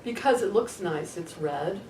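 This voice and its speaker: A woman's voice: lowish voice, lively intonation, a little slow. A woman co-hosting a metal podcast in a studio, chatty and opinionated, with playful teasing. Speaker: podcast co-host. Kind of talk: casual chat. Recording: roomy studio, distant mic, faint ambient noise.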